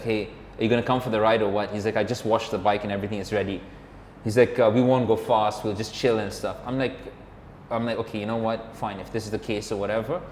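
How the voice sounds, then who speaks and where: A man telling a story in a casual, rambling chat, filling his talk with "like" and "or whatever" and acting out what others said. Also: fairly low pitch. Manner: rambling, filler-heavy, acts out quoted dialogue. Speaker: podcast co-host, motorcyclist. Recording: roomy, reverberant room with faint background hum.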